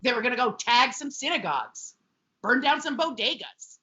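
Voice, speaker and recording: A woman's voice: a little high, sing-song, normal speed, pushed and bright, highs cut off. A woman co-hosting a podcast, chatting casually and sarcastically as she recaps a sitcom, swearing freely. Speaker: podcast co-host.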